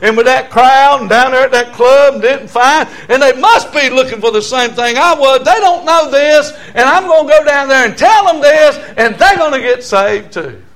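A man in his sixties with a Southern American accent, giving a testimony sermon in church, swinging from quiet storytelling to near shouting and chuckling often. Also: extremely high pitch, normal speed, hardly any pauses. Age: 60s.

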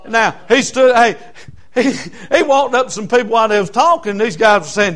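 A man's voice: very high voice, expressive, moderate pace, a bit bright. A man with a Southern US accent preaching a folksy, fervent sermon, retelling a Bible story. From South Carolina.

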